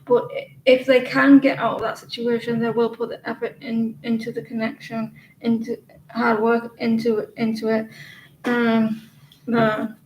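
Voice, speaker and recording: A woman's voice: on the high side, little pitch movement, a little hiss or hum. English woman reading tarot, echoey room. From England. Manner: halting, many fillers and restarts. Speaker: tarot reader. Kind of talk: live-stream tarot reading.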